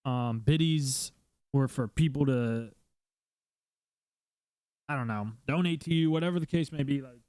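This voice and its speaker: A man's voice: medium pitch, unhurried, pauses often, darkish tone, smooth, no echo. A male streamer hosting his own podcast, giving blunt casual advice with lots of swearing and fillers, talking from a room at home.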